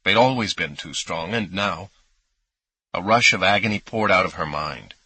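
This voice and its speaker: A man's voice: low voice, normal speed, pushed and bright, slightly rough, poor audio. A man narrating an audiobook in an intimate first-person storytelling manner, close on a studio mic. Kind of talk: scripted narration.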